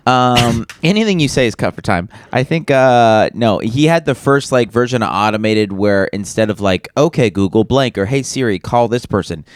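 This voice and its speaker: A man co-hosting a comedy podcast in casual banter, animated and prone to bursts of laughter. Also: medium pitch, moderate pace, hardly any pauses, no room sound, clean studio sound. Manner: animated, breaks into loud put-on voices and laughter. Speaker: podcast co-host.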